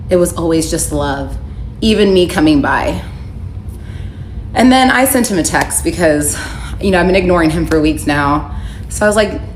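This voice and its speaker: A young adult woman telling a personal story in a candid, wry way, quoting messages in her own voice. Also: lowish voice. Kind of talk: casual storytelling to camera. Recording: echoey room with faint background noise.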